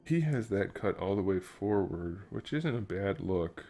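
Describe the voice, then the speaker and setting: A man's voice: sits low, lively intonation, measured pace, vocal fry, mellow, faint music behind. A man streaming his work on a toy figure, thinking aloud in casual chat and making joking asides to viewers. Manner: muttering to himself, thinking aloud. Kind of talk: casual live-stream chat while working.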